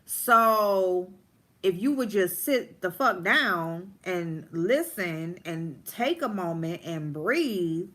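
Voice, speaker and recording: A woman telling a story during a livestream, animated and blunt, with plenty of swearing. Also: fairly low pitch, takes it slowly. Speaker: livestream host. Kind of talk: casual storytime rant.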